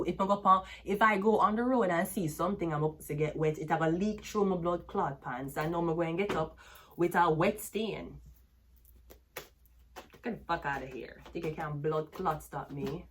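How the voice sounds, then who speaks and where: A woman's voice: fairly low pitch, moderate pace, a bit bright, a little hiss or hum. A woman with a Jamaican accent giving a tarot reading as a brash, cursing rant that slips into patois. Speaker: tarot reader.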